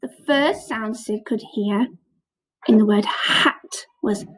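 A woman primary teacher leads a phonics lesson for small children, recorded to camera. Her voice sits high and she talks slowly, breaking words into sounds and praising every try. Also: poor audio. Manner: slow, encouraging, sounds out letters with lots of praise.

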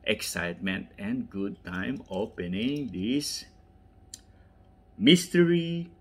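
A man with a non-native English accent unboxing toy cars, enthusiastic and repetitive, often dropping into soft whispers. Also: mid-range voice, very animated, slow pace, creaky, breathy edge. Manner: drops to soft whispers while handling toys; enthusiastic, repeats words, addresses "ladies and gentlemen". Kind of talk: unboxing commentary.

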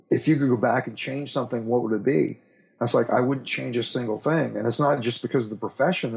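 Gravelly-voiced man telling his story. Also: mid-range voice, darkish tone. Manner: earnest and reflective, with frequent restarts. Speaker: podcast guest. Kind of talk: candid storytelling interview.

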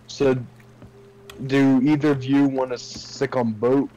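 A young man chatting casually with teammates during a game, giving relaxed callouts. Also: medium pitch, slow, highs cut off. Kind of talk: casual gaming chat.

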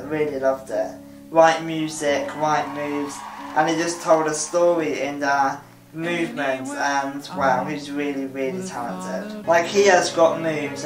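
Enthusiastic man reviewing. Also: fairly high pitch. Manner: enthusiastic, repeats praise words. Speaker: talent show reviewer. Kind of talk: casual video review. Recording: roomy sound with music behind.

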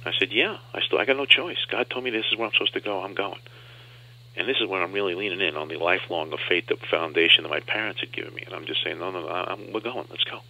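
Fast-talking bright-voiced man telling a story. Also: sits low, gravelly. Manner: animated storyteller acting out voices. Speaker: guest, comedian and talk show host. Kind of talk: storytelling interview. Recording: dull lo-fi radio sound.

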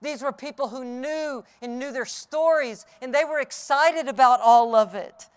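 A middle-aged man preaching an Easter sermon outdoors, telling the story vividly and dropping from loud cries to hushed tones. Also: very high-pitched, unhurried, smooth. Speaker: pastor. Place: outdoors on a hilltop.

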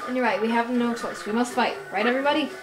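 A woman's voice: fairly high pitch, fast talker, lightly acted. A woman reading the lines of an earnest, eager young hero of a tiny tribe, over game music in a roomy space.

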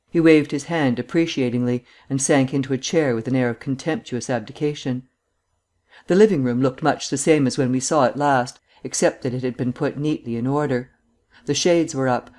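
A male audiobook narrator reads scripted prose at a mid-range pitch. His storytelling is even and measured.

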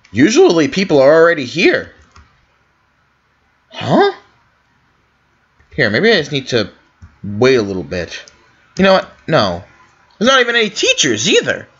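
A young man commenting on his own game in a role-play way, talking to himself and calling out into empty places. His pitch jumps all over as he wonders aloud. The recording is a little dull and lo-fi. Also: a bit bright. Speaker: gaming video host.

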